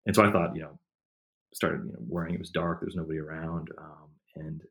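Fast-talking low-voiced man telling a story. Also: fairly even intonation, fairly bright tone. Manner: rambling, many fillers and restarts. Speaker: historian and author, interview guest. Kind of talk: casual conversational storytelling.

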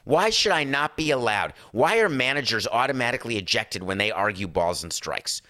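A middle-aged man with a hoarse voice, ranting emphatically and sarcastically as a sports talk show host. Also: medium pitch, big pitch swings, fairly quick, pushed and bright, no echo, studio quality. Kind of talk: impassioned talk-show rant.

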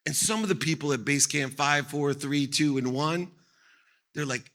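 A middle-aged man delivers a motivational keynote from a stage, his voice bright and forceful. He drives his points home emphatically, circling back on key phrases to hammer them in. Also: fairly high pitch, moderate pace. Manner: emphatic, repeats phrases for effect. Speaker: motivational speaker. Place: on stage at an event.

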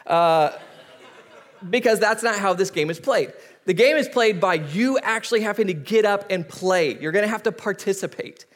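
A man's voice: high-pitched, normal speed. A man in his thirties preaching a sermon as a pastor, telling stories and acting out voices. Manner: animated storytelling, acting out voices.

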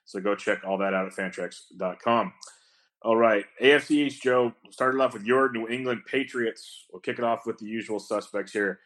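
A man hosting a sports podcast in a relaxed, rambling, casual way. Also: lowish voice. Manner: relaxed, quick, rambling talk. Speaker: podcast host. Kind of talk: casual chat.

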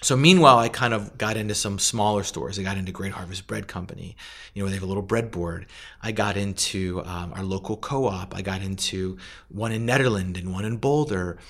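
A middle-aged man in a casual interview, telling the story of starting his food company, animated and acting out other people's lines with plenty of fillers. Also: low-pitched, fairly quick. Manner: animated, acts out quoted voices, many fillers. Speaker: food company founder, guest.

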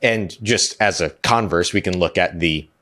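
A man's voice: sits low, unhurried, pushed and bright. A man who hosts a podcast, giving a prepared and emphatic sports analysis segment laid out point by point. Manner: emphatic, structured argument. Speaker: podcast host, guest analyst.

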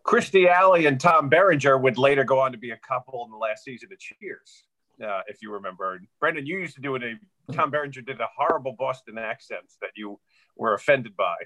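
Bright-voiced man hosting a chat. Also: mid-range voice, a little fast, low-quality recording. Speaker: podcast host. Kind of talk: casual chat.

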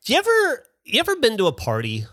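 A man's voice: very high voice, huge pitch swings, quick pace, sharp tone, no room sound, clean studio sound. A man in his forties from Alabama, co-hosting a podcast in a laid-back, wry manner with chuckling asides. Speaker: podcast co-host. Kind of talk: casual chat.

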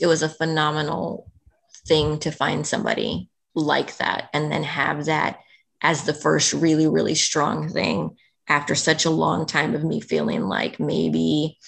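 A woman with a low, gravelly voice shares a personal story as a podcast guest. She talks earnestly and emotionally, and "like" runs all through her speech. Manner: emotional, earnest, heavy on "like" fillers.

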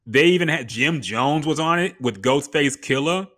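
A man's voice: fairly high pitch, animated, moderate pace, a bit bright. A man co-hosting a casual podcast chat, laid-back and joking, often saying "man". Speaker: podcast co-host.

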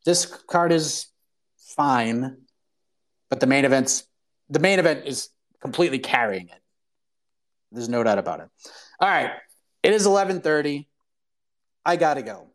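A man hosting his own fight-sports podcast, talking in a casual, excited, rambling way with slang. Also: mid-range voice, a little slow, pauses often. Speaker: podcast host. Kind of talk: casual solo show talk.

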